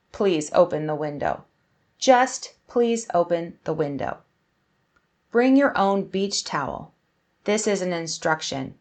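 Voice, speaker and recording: A young adult woman teaching an English grammar lesson, explaining clearly and slowly, acting out example sentences. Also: on the low side.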